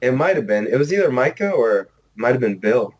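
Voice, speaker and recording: A man in a casual podcast conversation, relaxed, laughing along and giving short agreeing replies. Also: mid-range voice, fast talker, low-quality recording. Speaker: podcast co-host. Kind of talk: casual chat.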